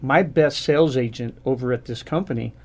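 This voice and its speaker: A man's voice: mid-range voice, brisk. A man in his fifties, a guest on a radio talk show, telling a rambling story with many restarts. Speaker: guest business owner.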